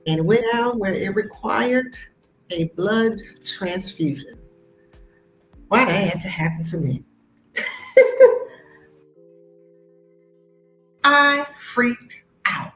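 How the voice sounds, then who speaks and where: An American woman telling a personal story in a casual, animated way, acting out the voices of people she quotes. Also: mid-range voice, unhurried, pauses often, echoey room, faint music behind, low-quality recording. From United States. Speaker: host of a live stream.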